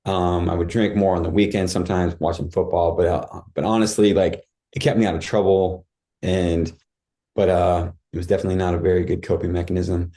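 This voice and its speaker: Deep, mellow-voiced man telling his story. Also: little pitch movement, a little fast. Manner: candid, rambling, many fillers and restarts. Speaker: podcast guest. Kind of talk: casual storytelling.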